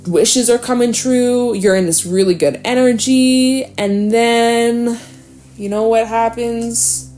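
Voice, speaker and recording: A woman's voice: on the high side, takes it slowly, a little mellow, soft background music. A woman giving a casual, chatty tarot reading in an encouraging tone. She sometimes swears and acts out anxious inner voices. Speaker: tarot reader.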